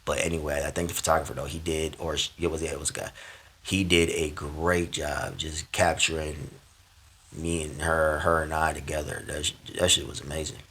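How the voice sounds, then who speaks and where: Animated storytelling man, bright edgy voice. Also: extremely low pitch, normal speed, slight background noise. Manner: animated, slangy, swings between hushed asides and loud bursts. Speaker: vlogger telling a story. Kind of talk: casual storytime.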